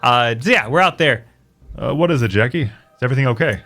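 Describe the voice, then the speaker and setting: A man's voice: medium pitch, animated, quick pace, bright, forceful tone, faint music behind. A man playing a tabletop game, chatting casually and laughing often. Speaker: player. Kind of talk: casual chat.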